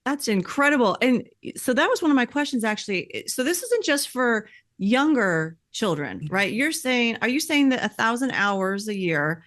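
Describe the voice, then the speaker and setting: A woman's voice: fairly high pitch, very animated, normal speed, fairly bright tone. A woman hosting a podcast, asking the guest curious follow-up questions. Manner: curious, checking what the guest means. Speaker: podcast host.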